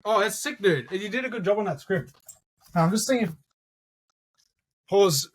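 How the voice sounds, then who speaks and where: A young man chatting on a podcast, his voice sitting a little high for a man. He talks in a relaxed, loose way, swearing freely and throwing in "dude" and "bro" as he goes. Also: a little fast. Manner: laid-back, swears a lot, says dude and bro. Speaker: podcast co-host, YouTuber. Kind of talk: casual podcast chat.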